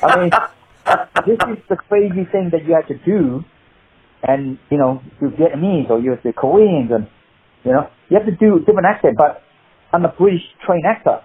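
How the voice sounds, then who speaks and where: A man with a Cockney accent, an actor guest telling rambling, animated stories with many restarts. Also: fairly high pitch, moderate pace, breathy edge. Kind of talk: casual interview storytelling. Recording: tinny phone-like line.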